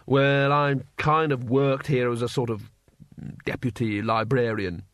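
A man voicing a gloomy, pessimistic failed wizard who speaks flatly and glumly. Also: medium pitch, a little slow, dry recording, studio quality, lightly acted. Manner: flat, glum.

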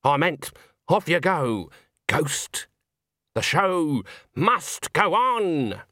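A man's voice: on the high side, sing-song, very slow, sharp tone, no echo, studio quality, voice pushed up, full character voice. A man voicing a stern, shrewd old witch who talks in a blunt, folksy way. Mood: commanding. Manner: folksy, blunt, countrified grammar.

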